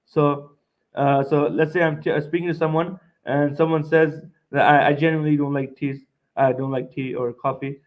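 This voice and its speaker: A man's voice: on the high side, little pitch movement, moderate pace, dull audio. A young man from Montreal giving a seminar lecture, speaking emphatically, repeating his points and tagging them with "right?". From Montreal, Canada.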